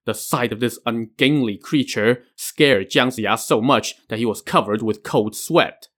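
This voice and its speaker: A man's voice: medium pitch, a little slow, a bit bright. A man hosting a podcast, retelling a legend with casual asides. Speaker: podcast host. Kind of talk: storytelling narration.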